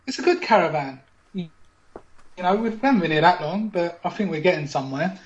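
A man's voice: high-pitched, lively intonation, brisk, lo-fi sound. A man hosting a podcast, running a mock game show with teasing, playful patter like a quiz commentator. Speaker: podcast host.

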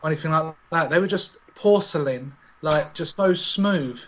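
Guy hosting a podcast, kinda high voice, teasing and jokey, laughs a lot. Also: moderate pace, slight background noise. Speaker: podcast host. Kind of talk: casual podcast banter.

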